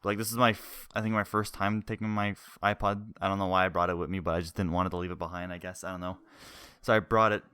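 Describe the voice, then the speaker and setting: A young man with a lowish, smooth and clear voice tells a long story in loose podcast chat. He rambles, swears freely and laughs as he goes. The sound is dry and close. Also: little pitch movement, fast, bright, forceful tone, dry recording. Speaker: podcast co-host.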